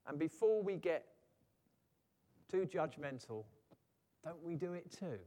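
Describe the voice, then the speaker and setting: A man preaching a sermon in a lively way, sometimes acting out quoted voices. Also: a little high, takes it slowly, big-room sound. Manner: animated, acts out quoted voices.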